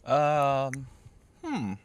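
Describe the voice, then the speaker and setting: A man co-hosting a podcast in casual chat, playful and quick with jokes. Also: mid-range voice, a crowd in the background. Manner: playful, jokey interjections, lively intonation. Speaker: podcast co-host.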